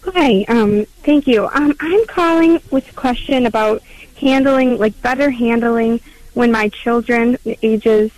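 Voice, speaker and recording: A woman's voice: fairly high pitch, a little slow, darkish tone, no room sound, rough recording. A young mother calling in to a radio show, speaking hesitantly with many ums and likes. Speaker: caller, mother of two. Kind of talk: phone-in call.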